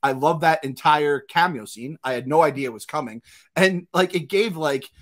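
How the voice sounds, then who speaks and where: A man co-hosting a podcast, chatting excitably with lots of swearing and laughter. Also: a little high, normal speed. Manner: excitable, profane, laughs often. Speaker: podcast co-host. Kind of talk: casual podcast chat.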